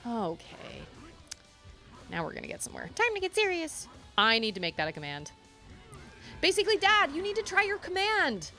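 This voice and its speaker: A young woman streaming a video game, thinking out loud and often restarting her sentences with self-deprecating remarks. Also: sits high, very animated, moderate pace, long pauses, soft background music. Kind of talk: live game stream chat.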